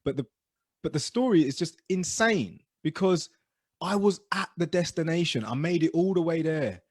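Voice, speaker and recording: A man telling stories as co-host of a casual podcast chat, animated and dropping low and quiet for asides. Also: moderate pace, no echo, studio quality.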